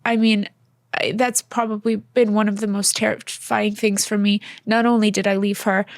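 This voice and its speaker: A woman's voice: mid-range voice, level tone, moderate pace, no room sound, studio quality. A woman co-hosting a faith podcast, talking in an earnest, heartfelt way with many fillers. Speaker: podcast co-host. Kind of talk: casual faith podcast chat.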